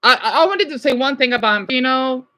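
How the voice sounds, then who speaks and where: A man's voice: very high voice, fast talker, sharp tone. A man ranting on a live stream, agitated, swearing often, stumbling over restarts and answering his chat. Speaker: livestreamer.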